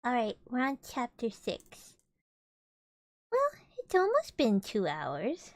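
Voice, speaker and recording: A woman's voice: fairly high pitch, huge pitch swings, slow, no echo. A young woman streamer reading a storybook aloud with casual, chatty and giggly asides between passages.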